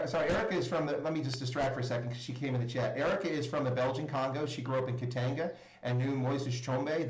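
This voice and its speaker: Echoey male live stream host. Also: mid-range voice. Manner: flustered by mic trouble, chatty storyteller. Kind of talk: casual live stream chat. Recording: roomy echo.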